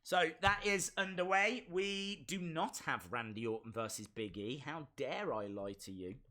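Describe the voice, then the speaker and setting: Male stream host, bright and slightly high voice, unhurried but excitable, jokes at his own expense. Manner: excitable, chatty and self-mocking. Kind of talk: live wrestling reaction commentary.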